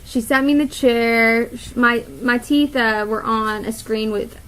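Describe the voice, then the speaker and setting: Young woman, slightly high voice, casual vlog storytelling, chatty, lots of fillers. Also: fairly even intonation, unhurried, fairly bright tone, slight background noise, low-quality recording. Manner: chatty, many fillers and quoted inner thoughts, laughs often. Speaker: vlogger.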